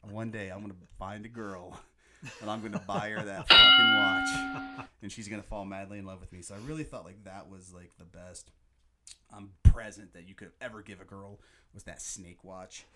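A man hosting a podcast, chatting casually and excitedly about a movie, often quoting its lines. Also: low-pitched, fairly quick, heavy background noise. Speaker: podcast host.

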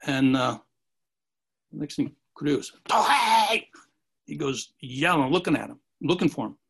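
A man's voice: mid-range voice, normal speed, vocal fry, husky. A man telling rambling martial arts anecdotes in a casual chat, acting out the quotes. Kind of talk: casual storytelling.

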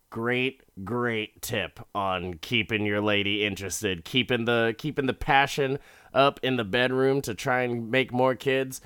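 Slow-talking sarcastic young man. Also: lowish voice, a bit bright, clear, resonant tone, no room sound, clean studio sound. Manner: sarcastic, rambling with restarts and chuckles. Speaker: show recapper. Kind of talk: casual recap commentary.

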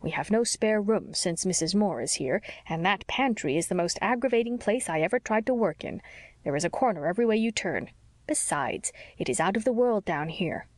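A sensible housekeeper chatters on briskly and cheerfully, as a woman reading the story puts her on. Her manner is plain and matter-of-fact, heard dry and close. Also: mid-range voice, animated, no room sound, close to an everyday voice.

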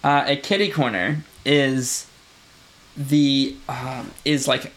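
A man's voice: mid-range voice, little pitch movement, takes it slowly, a bit bright. A man with a Michigan accent, co-hosting a casual podcast and explaining things with many "right?" checks. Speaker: podcast co-host. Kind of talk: casual chat.

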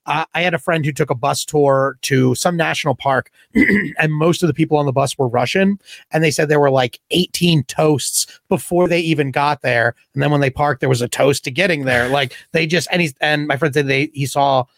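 A man's voice: on the high side, moderate pace, creaky, a bit bright, dry recording. A middle-aged man from the Philadelphia area, co-hosting a comedy podcast in a loose, rambling, self-deprecating way and laughing often. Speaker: podcast co-host. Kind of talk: casual comedy podcast chat.

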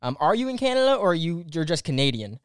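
A man's voice: on the high side, very animated, quick pace, clean tone, no room sound. A young American man with a slight New Jersey accent, hosting a podcast and chatting casually over a video call, rambling with lots of fillers. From United States. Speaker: podcast host.

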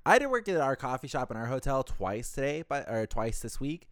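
A man's voice: big pitch swings, a little fast, fairly bright tone, no room sound, clean studio sound. A young man co-hosting a casual podcast, telling crude jokes and acting out conversations. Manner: joking, crude, acts out dialogue in higher voices. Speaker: podcast co-host. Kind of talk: casual chat.

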